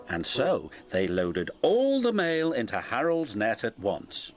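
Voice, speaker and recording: A man narrating a children's storybook in a gentle, expressive read-aloud manner. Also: medium pitch, slow, hardly any pauses, faint music behind.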